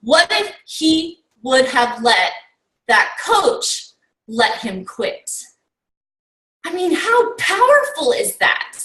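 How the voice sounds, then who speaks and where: Her very high, slightly bright voice fills a motivational team talk in which she recaps a summit, peppering her speech with rhetorical questions, "like," and "okay?". The recording is roomy, with the mic set well away from her.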